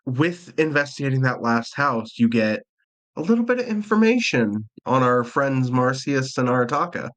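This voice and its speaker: A man at a mid pitch narrates a tabletop game as its master. He talks casually, swears freely and laughs often. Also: big pitch swings, normal speed, a bit bright.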